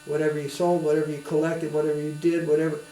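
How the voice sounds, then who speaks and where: A man's voice: fairly high pitch, completely flat delivery, fast talker, warm tone. A man, a swami, giving a spiritual lecture in a conversational storytelling manner, asking his listeners to follow along. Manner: conversational, anecdotal, with tag questions. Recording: roomy with faint hum.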